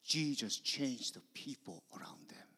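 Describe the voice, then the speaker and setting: A man preaching a sermon, telling stories that swing from hushed whispers to loud emphasis. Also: medium pitch, lively intonation, a little slow, slightly rough. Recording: long hall reverb.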